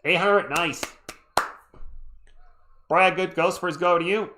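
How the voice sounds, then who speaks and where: A man's voice: high voice, slow pace, pushed and bright. A tired man streaming live play-by-play, laid-back and chatty, talking to his viewers between plays. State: sleepy. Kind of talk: casual live sports commentary with chat shout-outs.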